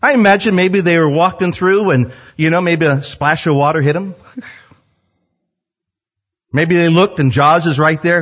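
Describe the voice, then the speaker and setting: Animated preacher, husky voice. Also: male voice, on the high side, moderate pace. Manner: animated storytelling, acts out quotes. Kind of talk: sermon. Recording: dull lo-fi sound.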